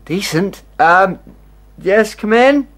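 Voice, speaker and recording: A man's voice: high-pitched, lively intonation, slow, fairly bright tone, slight background noise, full character voice. An actor playing a bewildered, anxious male writer who stammers and talks in a flustered way in a radio drama.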